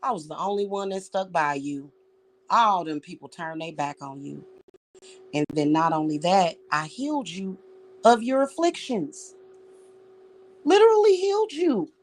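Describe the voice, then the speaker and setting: A woman's voice: deep voice, lively intonation, measured pace. Confrontational, profane woman ranting. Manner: confrontational, profane, repeats words. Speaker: vlogger. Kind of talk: angry direct-address rant.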